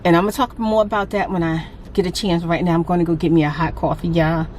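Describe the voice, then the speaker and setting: A woman's voice: lowish voice, fairly even intonation, quick pace, darkish tone, slight background noise. Frustrated woman venting in a vlog. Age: adult with a grown daughter. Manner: talkative and frustrated, venting with laughs. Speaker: vlogger. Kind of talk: casual vlog talk.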